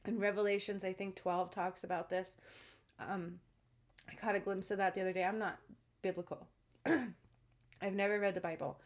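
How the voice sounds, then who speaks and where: A woman's voice: lowish voice, darkish tone. A woman talking casually to her viewers, earnest and emphatic, often checking in with "okay?". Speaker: self-described spiritual channeler. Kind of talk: casual monologue to camera.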